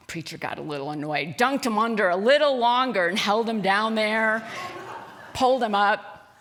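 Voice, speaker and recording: A woman's voice: mid-range voice, moderate pace, a bit bright. Conversational woman minister giving a talk. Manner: conversational, storytelling with asides. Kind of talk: sermon. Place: spiritual center sanctuary.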